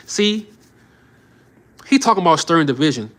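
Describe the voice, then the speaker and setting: A man's voice: on the high side, animated, measured pace, a bit bright. A man commenting on the news on a live stream, heated and preachy, who often repeats short phrases for emphasis.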